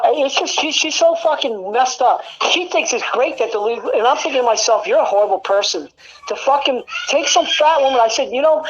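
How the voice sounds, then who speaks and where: High-voiced woman venting angrily, profane. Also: muffled recording. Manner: angry, profane venting, many fillers. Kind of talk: casual recorded conversation. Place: home.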